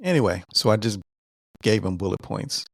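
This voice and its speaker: A man in his fifties, a veteran, casually retelling a doctor's visit in an animated way, repeating words and quoting what was said. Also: fairly low pitch, normal speed, vocal fry, dry recording, studio quality. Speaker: veteran sharing his cancer treatment story. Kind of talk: casual storytelling.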